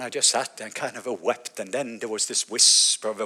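A Norwegian man in his fifties with a Norwegian accent, preaching a sermon as an animated storyteller. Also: fairly low pitch, a little fast, few pauses, husky. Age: 50s. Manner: animated storytelling, acting out his own quoted words.

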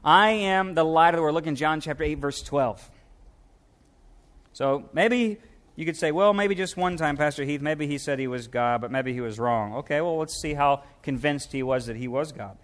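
A middle-aged pastor from Louisiana preaching a sermon, animated, dropping his voice low and soft for quoted scripture. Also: moderate pace.

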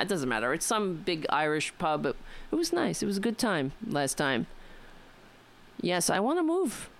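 Smooth-voiced New York woman radio host. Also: on the low side. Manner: rambling, wry, talks to listeners directly. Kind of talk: casual political talk radio monologue.

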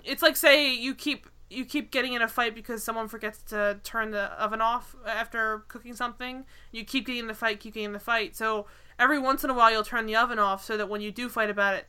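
A woman with a bright, fairly high voice talks casually on a podcast. She retells a sitcom episode in an animated, exasperated way. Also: clean tone. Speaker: podcast co-host recapping a sitcom. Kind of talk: casual chat.

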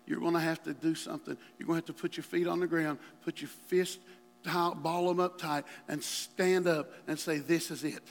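A male pastor preaching a sermon with passion, dropping to a hush and then rising to near shouts. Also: on the high side, flat delivery, moderate pace, creaky. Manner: impassioned preaching, swings from hushed to shouting. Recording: long hall reverb.

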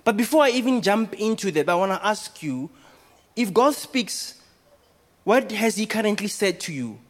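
A man's voice: high voice, animated, normal speed. A man, a pastor, preaching a sermon and asking the congregation rhetorical questions.

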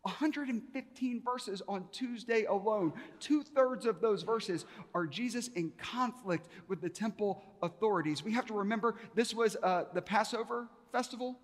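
High-voiced pastor preaching in a reverberant hall. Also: male voice, moderate pace, few pauses. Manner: animated storytelling, acts out dialogue with rising pitch and volume. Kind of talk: sermon. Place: church sanctuary. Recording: long reverb of a large hall.

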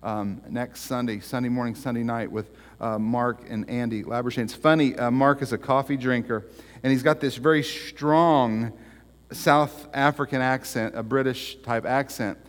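A pastor gives announcements from the pulpit, halting and full of fillers, then lively as he tells a story. His voice sits in the middle range for a man. A long reverb trails every phrase in the church sanctuary. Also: mid-range voice. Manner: halting, with many fillers and restarts, growing animated in stories. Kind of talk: church announcements and joke telling.

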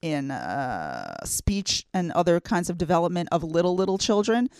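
A woman's voice: on the low side, big pitch swings, normal speed, clean tone, no room sound. A woman co-hosting a talk show, speaking earnestly and conversationally, with frequent fillers as she thinks. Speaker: co-host. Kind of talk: casual chat.

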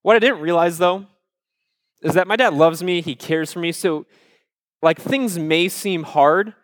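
A man from Iowa, telling a personal story to a live audience in a conversational way, with asides to the crowd and animated retellings of his childhood panic. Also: high-pitched, unhurried, dry recording, clean studio sound. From Iowa, USA. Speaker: speaker addressing a live audience.

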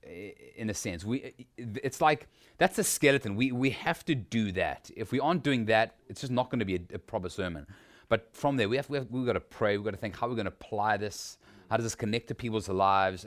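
A man, teaching a workshop on sermon preparation in a conversational way, with frequent restarts and rhetorical questions. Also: on the low side. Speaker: preacher teaching a preaching workshop. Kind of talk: informal teaching talk.

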